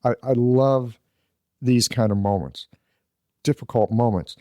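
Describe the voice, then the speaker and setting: A man's voice: mid-range voice, unhurried, dark tone, no room sound, studio quality. A man hosting a podcast interview, responding with appreciation. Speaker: podcast host. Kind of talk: conversational interview.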